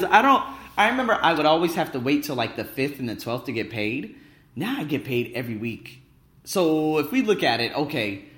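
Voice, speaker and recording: A man talking in a casual vlog monologue, excitable, boastful and full of swearing, as an English teacher vlogger. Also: medium pitch, echoey room.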